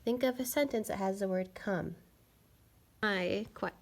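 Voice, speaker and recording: A woman's voice: medium pitch, measured pace, long pauses. A woman teaching a phonics lesson to young children, patiently sounding out letters and words.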